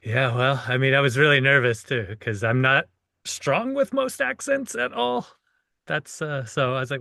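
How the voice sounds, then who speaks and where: A man's voice: medium pitch, expressive, normal speed, vocal fry, sharp tone, no room sound, clean studio sound. A male actor in a casual commentary chat, modest and self-deprecating, laughing often as he talks.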